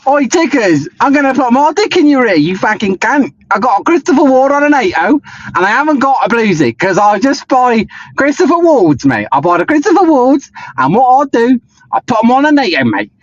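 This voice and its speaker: A shrill, crude bloke, put on by a man, who brags and snarls threats in endless repeating rants. The high voice leaps all over the place. It sounds dull and lo-fi. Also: big pitch swings, brisk, exaggerated voice. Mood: crude bragging. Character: crude, foul-mouthed male bloke who brags about watches.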